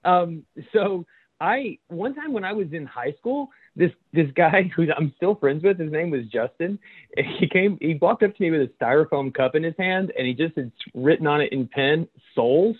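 A man's voice: fairly high pitch, animated, moderate pace, husky. A man, a chaplain and podcast co-host, telling a story in casual chat and laughing as he goes. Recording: tinny phone-like line.

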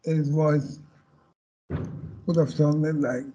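A man speaking as a panel guest, talking slowly and haltingly with many restarts. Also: on the high side, steady tone, warm tone, breathy edge, dull audio. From Caribbean heritage. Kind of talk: panel discussion.

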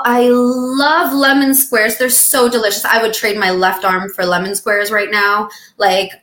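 A woman co-hosting a podcast in casual chat, talking in a chatty, expressive and jokey way and acting out dramatic lines. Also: medium pitch, echoey room. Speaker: podcast co-host. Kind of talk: casual chat about weight loss.

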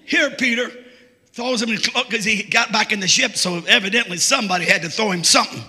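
A man with a very high, piercingly bright voice preaches a sermon at a brisk pace. His folksy, joking style keeps building into shouts, and every phrase trails off into the church hall's long reverb.

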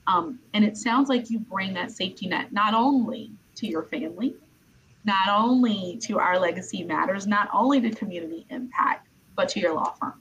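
A woman from Brooklyn interviews a guest in a loose, conversational way. She leans on "you know" and repeats her words as she goes. Her voice sits at a middle pitch over faint background ambience. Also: normal speed, a bit bright, muffled recording, a little hiss or hum. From Brooklyn, New York.

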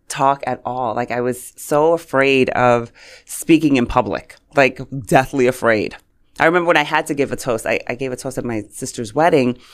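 A woman from New York, a communication coach and interview guest, telling stories in a lively, animated way with frequent laughter. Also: extremely low pitch, clear, resonant tone. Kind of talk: casual interview chat, storytelling.

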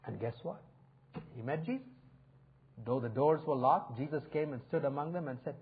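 A man's voice: mid-range voice, moderate pace, long pauses, a little hiss or hum. A male pastor preaching a sermon in an earnest, inviting way, swelling and dropping his emphasis. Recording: phone-like narrow sound.

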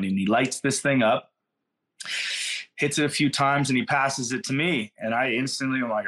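A man's voice: medium pitch, moderate pace, fairly bright tone. A middle-aged man from California, a podcast guest telling stories in a laid-back, slangy, rambling way. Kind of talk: casual storytelling in a podcast interview.

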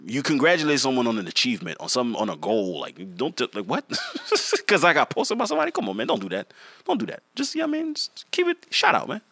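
A man's voice: medium pitch, huge pitch swings, fast talker, a bit bright, no room sound. A young man co-hosting a podcast in casual banter, joking, laughing and restarting his sentences. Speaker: podcast co-host.

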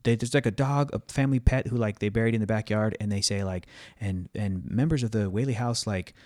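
A man's voice: on the low side, a little fast, darkish tone, no echo, studio quality. Rambling man telling stories. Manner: rambling storyteller, many fillers and restarts. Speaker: podcast co-host. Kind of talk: casual chat.

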